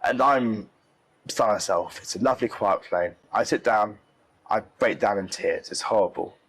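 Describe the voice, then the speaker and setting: A man's voice: fairly low pitch, moderate pace, a bit bright, low-quality recording. A young man from the UK telling an interviewer an upsetting travel story, emotional and often repeating himself. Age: young adult. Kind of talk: casual storytelling.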